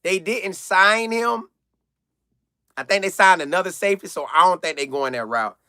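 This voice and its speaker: Young man hosting a live stream, high-pitched and excitable, close dry mic, loops back on his own words for emphasis. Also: normal speed, clear, resonant tone, no room sound. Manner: animated, excitable, repeats phrases for emphasis. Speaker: live-stream host answering chat. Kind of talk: casual live chat commentary.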